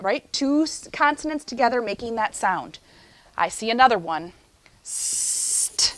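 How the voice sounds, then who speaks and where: A young adult woman teaching a phonics lesson to young children in an animated, sing-song teacher voice. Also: fairly high pitch. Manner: animated, sing-song teacher voice, slows for chanted poem lines.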